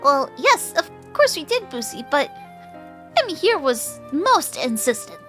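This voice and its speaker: A woman's voice: high voice, very animated, measured pace, fairly bright tone, soft background music, voice pushed up, heavily acted. A woman voicing a pompous, condescending mage in a fantasy game, with grandiose, mannered delivery.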